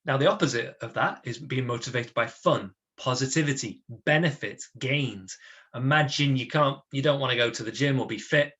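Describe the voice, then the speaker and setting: An energetic man leads a motivational webinar at a middling pitch. He talks in a chatty way and keeps checking in with his listeners with tag questions. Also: moderate pace. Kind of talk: lively talk to an online audience.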